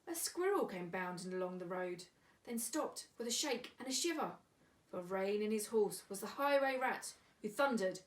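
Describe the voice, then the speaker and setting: A woman's voice: medium pitch, lively intonation, moderate pace, recorded from a distance. Woman reading a rhyming picture book. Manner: sing-song rhyming delivery. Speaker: volunteer storyteller. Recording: echoey room, away from mic.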